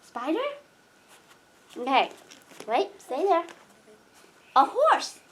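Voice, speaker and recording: Woman, mother, high voice, very slow, lilting, coaxing a little kid. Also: big pitch swings. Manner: slow, sing-song, coaxing, teacherly. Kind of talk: playing with a toddler.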